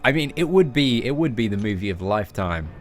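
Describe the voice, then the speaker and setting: A man's voice: medium pitch, very animated, quick pace, faint music behind. Chatty young man streaming games. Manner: chatty, joking, reads out chat messages. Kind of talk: casual live-stream chat.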